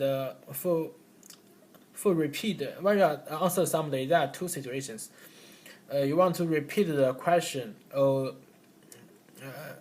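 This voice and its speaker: A man presenting a class recap at a very unhurried pace, stopping and restarting often as he works through each rule. His voice sits at an ordinary middle pitch. A faint hum of background noise runs beneath him. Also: darkish tone. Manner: halting, with many fillers and restarts. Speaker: student giving a class recap. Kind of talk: classroom presentation explaining rules.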